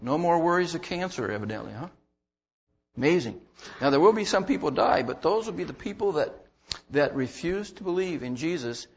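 A man's voice: a little high, animated, fairly quick, husky, lo-fi sound. A man preaching a sermon in a conversational way, repeating words as he goes and bursting into emphatic lines. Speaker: pastor.

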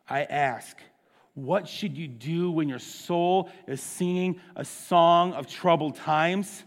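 A man preaching a sermon as pastor, impassioned, swinging from hushed to loud. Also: fairly high pitch, slow pace. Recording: long reverb of a large hall.

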